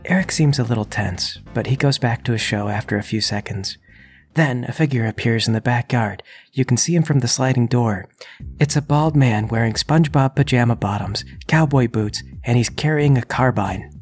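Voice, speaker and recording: Calm man narrating a tabletop game. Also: mid-range voice, normal speed, husky, faint music behind. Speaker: game master.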